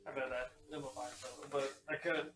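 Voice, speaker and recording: A man's voice: medium pitch, level tone, brisk, distant mic, crowd noise. A man playing a tabletop game, loose and joking, turning sincere when he speaks in character. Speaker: player. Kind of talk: casual tabletop play. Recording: roomy audio from off mic.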